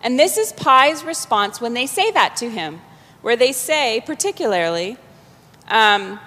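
A woman reader setting up a story scene in a relaxed, explanatory way. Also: on the high side, unhurried. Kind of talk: storytelling introduction. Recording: long hall reverb.

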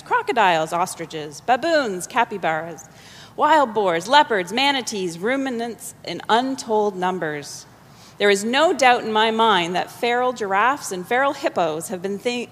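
A woman's voice: medium pitch, lightly acted. A woman voicing a passionate, indignant sixteen-year-old boy, speaking in a mocking, theatrical way. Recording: long hall reverb.

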